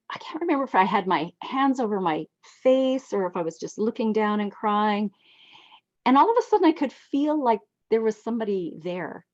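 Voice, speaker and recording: A woman in her sixties telling heartfelt personal stories as a guest, reflective and expressive, on a dull lo-fi recording. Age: 60s. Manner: heartfelt, reflective, lively swings in pitch. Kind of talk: personal storytelling.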